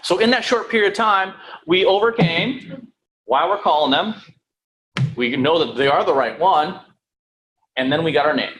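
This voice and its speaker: A man teaching real estate sales in a room with an audience, lively, checking in with "right?" and "okay?" and acting out phone calls. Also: on the high side, moderate pace, pauses often, a little hiss or hum, poor audio. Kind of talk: live sales training talk.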